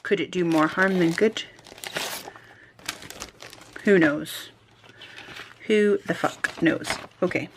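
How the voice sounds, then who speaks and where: A woman's voice: lowish voice, takes it slowly, pauses often, noisy background. A woman chatting casually as a stationery vlogger, self-deprecating and talking to herself while she works. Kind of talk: casual chat while crafting.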